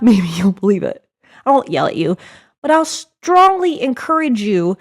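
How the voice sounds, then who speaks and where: A young woman hosting her own podcast, excitable and loud in a motivational pep talk, then soft and hushed as she guides breathing. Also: on the high side, creaky. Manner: excitable, loud and pumped-up, repeating encouragements; soft, slow and hushed while guiding breath work. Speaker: podcast host and life coach.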